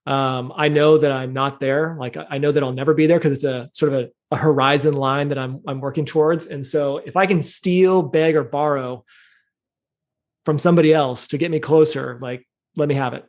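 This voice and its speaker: A man in his thirties, a podcast guest, talking in a thoughtful, measured way with plenty of fillers. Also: fairly high pitch, steady tone. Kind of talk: casual interview talk.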